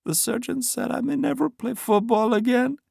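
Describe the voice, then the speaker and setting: A woman's voice: a little high, moderate pace, vocal fry, darkish tone, slightly rough, no echo, clean studio sound, voice pushed up, full character voice. A man voicing an injured teenage girl athlete, drowsy and slurring her words while crying. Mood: tearful. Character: injured teenage girl football player, tearful. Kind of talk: audiobook character voice.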